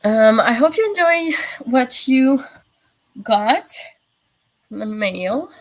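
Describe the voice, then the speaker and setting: With lively intonation and a slow pace, a woman whose voice is on the high side hosts a live stream. She chats with viewers, responding to their comments and rambling with plenty of fillers, over a rough recording.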